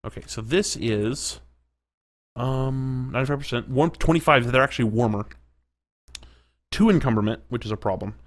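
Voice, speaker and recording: A man narrates his own gameplay in let's-play style, chatting and reacting aloud and sometimes sinking to a whisper. His voice is mid-range, his speed normal, and he leaves long pauses.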